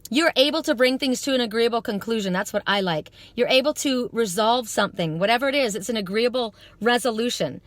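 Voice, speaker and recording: A woman's voice: on the high side, brisk, hardly any pauses, no room sound. A woman giving a live psychic card reading to her viewers outdoors at dusk, talking in an earnest, rambling, spiritual way.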